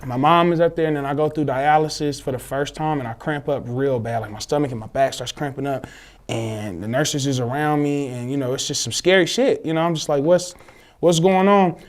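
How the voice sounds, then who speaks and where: A young man, telling a personal story in casual, slangy, animated chat, acting out the voices of others. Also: mid-range voice, a little fast. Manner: animated, swears freely, slangy, acts out quoted voices. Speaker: guest telling his story.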